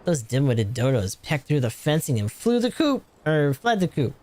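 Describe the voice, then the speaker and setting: A woman's voice: sits low, sing-song, normal speed, mellow. A man voicing a flustered farm woman from a game, reading her lines in a perky, sing-song way. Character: flustered farm woman chasing runaway birds.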